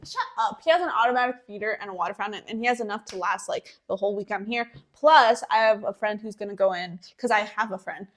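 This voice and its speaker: A woman's voice: medium pitch, fast, hardly any pauses. A young woman co-hosting a podcast, bantering and teasing her brother in casual chat. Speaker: podcast co-host.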